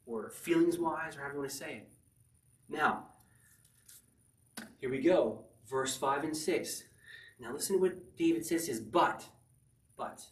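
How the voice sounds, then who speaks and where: Male pastor, slightly high voice, earnest sermon delivery, echoey room from afar. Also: distant mic. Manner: earnest preaching, rising to near-shouts with spontaneous laughs.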